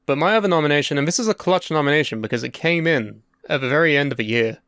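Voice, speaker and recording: Smooth-voiced young man. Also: fairly high pitch, fast, fairly bright tone, dry recording, clean studio sound. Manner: sweary, wry, opinionated. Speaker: podcast co-host. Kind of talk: casual podcast chat.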